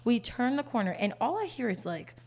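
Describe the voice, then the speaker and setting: Young female co-host, chatty storyteller, slightly high voice. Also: fairly quick. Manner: animated storytelling with lots of "like". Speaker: podcast co-host. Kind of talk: casual chat.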